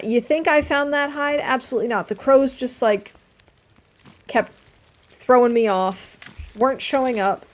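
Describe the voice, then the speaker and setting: A young adult woman streamer chatting casually while playing a game, reading chat aloud and dropping quiet asides. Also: a little high. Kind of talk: casual gameplay commentary.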